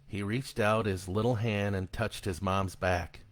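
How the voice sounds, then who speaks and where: A man giving a live reading of his own horror story in an expressive, dramatic storytelling manner. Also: on the low side, a little slow, no room sound.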